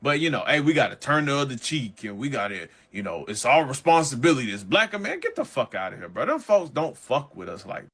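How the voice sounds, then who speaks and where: Animated, sarcastic man swearing constantly. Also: medium pitch, quick pace, hardly any pauses. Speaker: podcast co-host. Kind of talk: profane commentary.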